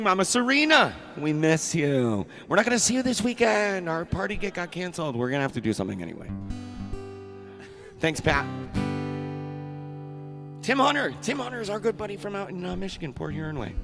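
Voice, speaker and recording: A man's voice: high voice, sing-song, moderate pace, creaky, long pauses. A man hosting a casual live music show, telling stories in a loose, profane, laughing way. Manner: rambling, profane, laughing storyteller. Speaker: host.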